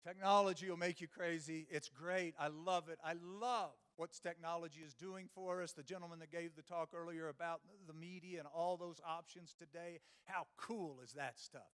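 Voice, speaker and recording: Middle-aged male keynote speaker, high-pitched, anecdotal and ranting. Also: fairly even intonation, normal speed, hardly any pauses, a bit bright, clean tone. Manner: storytelling with quoted dialogue and rants. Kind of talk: humorous conference keynote. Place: conference stage before a live audience.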